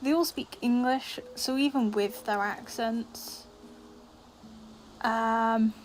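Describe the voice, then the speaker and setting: A woman's voice: fairly high pitch, steady tone, slow, a little hiss or hum, low-quality recording. A woman from Scotland chatting while she streams a game, over-pronouncing her words to mask a faint Scottish accent, with lots of fillers. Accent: faint Scottish, mostly hidden. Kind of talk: casual gaming stream chat.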